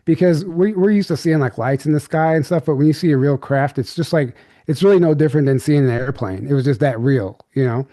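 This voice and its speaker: A man's voice: fairly high pitch, brisk, hardly any pauses, warm tone, no room sound, studio quality. Rambling man telling a strange story. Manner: rambling, filler-heavy recounting with many restarts. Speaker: podcast guest. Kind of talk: candid storytelling.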